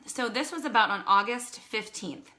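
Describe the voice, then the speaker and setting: A woman in her thirties telling her own story into her phone, chatty and animated, acting out quoted dialogue and fighting back tears. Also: fairly high pitch, moderate pace. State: emotional, holding back tears. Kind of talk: casual personal storytelling to a phone camera.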